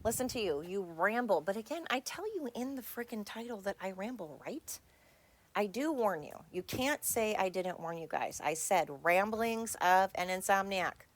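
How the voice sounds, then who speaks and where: A woman's voice: medium pitch, expressive, moderate pace. A woman hosting her own podcast, talking bluntly and candidly in a rambling solo monologue. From United States. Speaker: podcast host.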